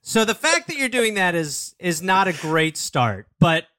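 A man's voice: high voice, very animated, measured pace, pushed and bright. A man co-hosting a comedy advice podcast, teasing and joking in casual chat. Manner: teasing, jokey interjections. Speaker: podcast co-host.

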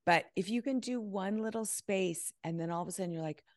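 A woman's voice: medium pitch, brisk, darkish tone, no room sound, clean studio sound. A woman guest on a podcast, speaking confidently and emphatically over a video call, often acting out her clients' words. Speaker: guest decluttering expert. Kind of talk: casual interview chat.

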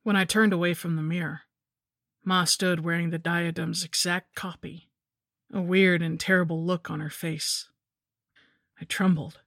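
A woman narrating a scripted horror story in a measured, somber way. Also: fairly low pitch, fairly even intonation, vocal fry, fairly bright tone, dry recording, studio quality.

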